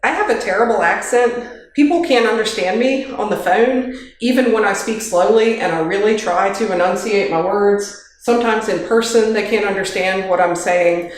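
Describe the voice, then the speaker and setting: A woman's voice: medium pitch, normal speed. Woman trainer, informal talk, practical, joking asides, handheld mic, very echoey kitchen. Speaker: workplace trainer. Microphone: handheld microphone.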